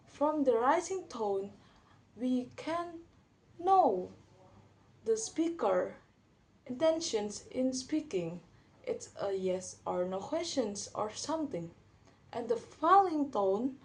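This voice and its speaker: A young woman giving a class presentation, reading from notes a little haltingly. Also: fairly high pitch, a little mellow. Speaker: student presenter.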